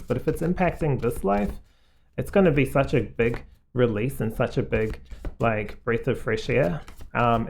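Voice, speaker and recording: A man giving a casual, rambling tarot card reading to viewers, full of "like" and "um", in a gently reassuring way. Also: medium pitch, gravelly, a little hiss or hum. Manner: rambling, heavy on fillers like "like" and "um".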